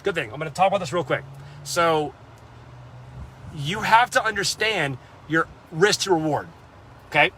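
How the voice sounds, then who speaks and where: Young man, trading vlogger, bright forceful voice, blunt and cursing, faint traffic behind. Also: high voice. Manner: blunt, profane, rambling with fillers. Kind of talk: casual talk to camera.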